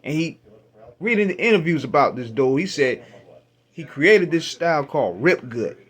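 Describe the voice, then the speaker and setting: A man hosting a radio show, casually retelling his first listen to an album, with an animated, profane, laughing delivery. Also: a little high, normal speed, husky. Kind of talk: casual storytelling album review.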